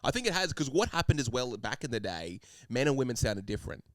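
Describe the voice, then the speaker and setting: An Australian man co-hosts a podcast in a playful, easygoing way, thinking out loud as he goes. His voice sits at a medium pitch, recorded close with a dry sound. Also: very animated, quick pace, no echo. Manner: playful, musing aloud. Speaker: podcast co-host. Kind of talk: casual chat.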